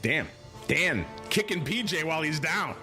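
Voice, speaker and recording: A middle-aged man hosts a podcast, his pitch swinging widely as he rambles from topic to topic. He sits a little high for a man. Faint music plays softly behind him. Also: normal speed. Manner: animated, digressive, quotes movie lines. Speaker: podcast host. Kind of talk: casual podcast banter.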